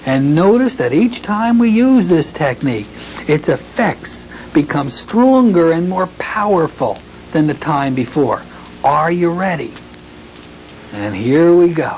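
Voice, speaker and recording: A man teaching hypnotherapy in a recorded training lecture, talking in a folksy way and slowing into a soothing tone when he demonstrates suggestions. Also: fairly high pitch, expressive, darkish tone. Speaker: hypnotherapy instructor. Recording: dull lo-fi tape with faint hiss.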